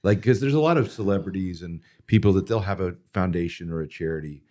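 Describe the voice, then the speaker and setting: A man's voice: sits low, quick pace, mellow. A man hosting a podcast interview, asking long, searching questions that he restarts and fills with "like". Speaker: podcast host. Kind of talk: casual interview.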